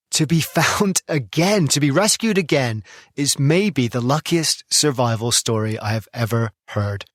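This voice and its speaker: A male podcast host narrates with enthusiasm, slipping in an amused aside now and then. His voice is medium in pitch, and the recording is dry and close to the mic. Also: fairly bright tone, dry recording. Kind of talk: scripted narration.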